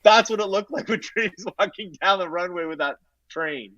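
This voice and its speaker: A man's voice: sits high, fairly quick, bright, forceful tone, no room sound. Chatty man with dull lo-fi sound. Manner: chatty, opinionated, playful asides. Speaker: guest. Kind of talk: casual podcast chat.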